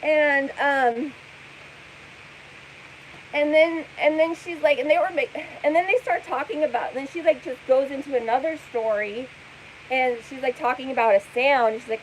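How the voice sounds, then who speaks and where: A woman's voice: high-pitched, moderate pace, slight background noise, low-quality recording. A woman giving casual vlog commentary, skeptical and rambling, with many fillers.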